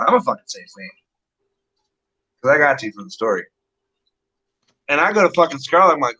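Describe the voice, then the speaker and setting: Swearing, storytelling man with a bright voice. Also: on the high side, lively intonation, a little fast, pauses often, rough recording. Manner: blunt, heavy swearing, rambling anecdotes. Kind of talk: casual profane chat, storytelling.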